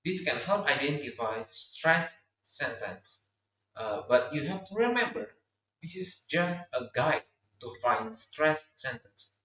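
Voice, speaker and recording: Young male student teacher, slow and lively, voice a bit high, roomy dull recording from a distance. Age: young adult. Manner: slow, clear explanations with exaggerated stress on example words. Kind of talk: classroom pronunciation lesson.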